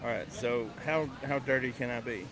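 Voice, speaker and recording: A man's voice: mid-range voice, normal speed, a bit bright, rough recording. Easygoing male guest. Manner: easygoing, agreeable, tells a joke with hand motions. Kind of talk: casual chat.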